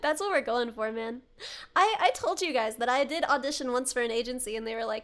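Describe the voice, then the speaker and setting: A woman's voice: high voice, lively intonation, fast talker. A young woman streamer, sick, chatting and telling a ghost story with a giggly, dramatic manner. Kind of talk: casual chat and storytelling.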